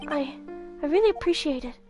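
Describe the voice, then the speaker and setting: A woman's voice: sits high, animated, fairly quick, lo-fi sound, over music, pitched below the performer's own voice. A woman doing a timid stammering young man. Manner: shy, apologetic, stammering.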